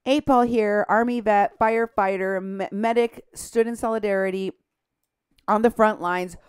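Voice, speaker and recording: On talk radio, a woman with a medium-pitched, steady voice reads social media posts aloud with scorn, growing more indignant and agitated until she is nearly shouting. She speaks at normal speed in a clean tone, and the recording is dry and studio quality.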